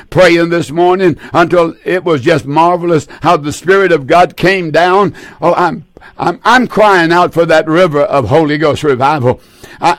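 Older guy preaching hard, begging folks, voice a bit high, dry close sound. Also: dry recording. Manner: fervent pleading, repeats phrases, trails off low at line ends. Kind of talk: sermon. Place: seated indoors.

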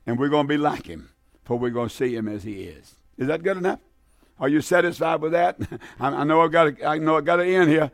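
A man preaching a fervent radio sermon, getting excited, repeating himself and stumbling over words as he reads scripture. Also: fairly high pitch, brisk, vocal fry, no room sound, studio quality. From American South.

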